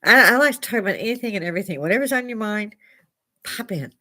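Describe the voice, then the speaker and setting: A woman's voice: medium pitch, animated, quick pace, pushed and bright, a little hiss or hum. An older woman hosting a casual livestream from a bar, slightly tipsy, rambling through stories with frequent laughs and swearing. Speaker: livestream host.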